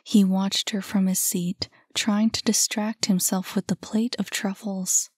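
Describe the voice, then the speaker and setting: A woman narrating a novel aloud in a soft, calm voice. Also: mid-range voice, slightly rough, no room sound, clean studio sound. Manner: soft, calm, unhurried reading. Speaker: audiobook narrator. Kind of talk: scripted narration.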